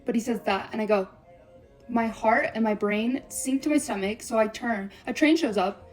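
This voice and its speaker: A young woman telling a breakup story on a vlog, blunt and profane, swearing constantly in rapid run-on sentences. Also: a little high, soft background music.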